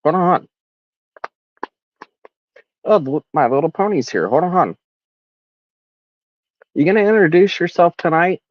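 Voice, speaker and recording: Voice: medium pitch, expressive, unhurried, pauses often, dry recording, highs cut off. A livestream host ranting casually in a sarcastic, mocking way.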